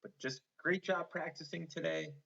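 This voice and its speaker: Patient male spelling teacher, bright voice. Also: a little high, fairly even intonation, vocal fry, dull audio. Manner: patient, encouraging, sounds words out slowly. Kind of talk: one-on-one spelling lesson.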